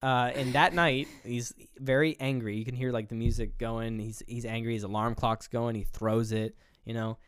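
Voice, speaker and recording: A man's voice: mid-range voice, level tone, normal speed, hardly any pauses, clear, resonant tone, no echo, clean studio sound. A man co-hosting a casual movie review podcast, retelling scenes with acted-out lines and frequent swearing. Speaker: podcast co-host.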